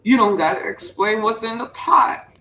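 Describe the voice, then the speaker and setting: A woman giving a playful sermon-style riff on a voice call, preachy and repetitive, bursting into high whoops. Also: normal speed, bright, forceful tone. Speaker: show participant preaching to the group. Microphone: voice chat mic. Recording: roomy, distant voice chat audio, faint hum.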